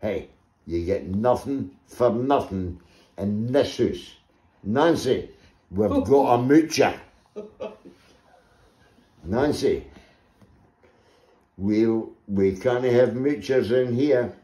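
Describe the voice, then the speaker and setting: Brief: man voicing a gruff Scottish tavern owner, unhurried and mellow. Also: mid-range voice. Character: plain-spoken male tavern owner. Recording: echoey room.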